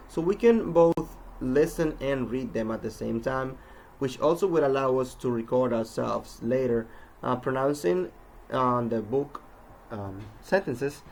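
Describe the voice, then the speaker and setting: A man giving an instructional talk on pronunciation, speaking in a measured way with frequent um and uh fillers. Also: mid-range voice, vocal fry. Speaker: English pronunciation teacher.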